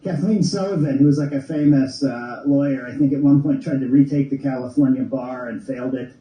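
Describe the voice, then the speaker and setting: A man's voice: mid-range voice, fairly quick, warm tone. A man who passed the bar, explaining legal exams in a meandering, filler-heavy way. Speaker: lawyer guest. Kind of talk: casual podcast chat. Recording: echoey room.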